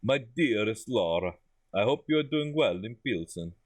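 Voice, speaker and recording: A man's voice: on the low side, lively intonation, normal speed, dry recording, close to an everyday voice. A man reading a game letter aloud as a fussing, doting woman, in a hammy, exaggerated Eastern European accent. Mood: fond, fussing.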